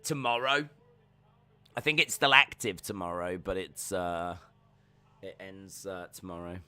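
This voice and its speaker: A man's voice: low voice, unhurried, bright, forceful tone, clean tone, no echo. A man hosting a live watch-along stream who rambles animatedly and acts out scenes. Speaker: host.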